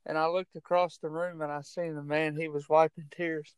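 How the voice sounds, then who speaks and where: A man's voice: a little high, level tone, normal speed, clear, resonant tone, dry recording. A man who is a minister and a barber, earnestly telling stories in a casual chat. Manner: earnest, laughs often. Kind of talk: casual storytelling.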